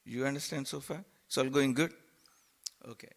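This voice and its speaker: A man preaching a sermon in a temple hall, halting and repeating words, with playful asides. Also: medium pitch, vocal fry.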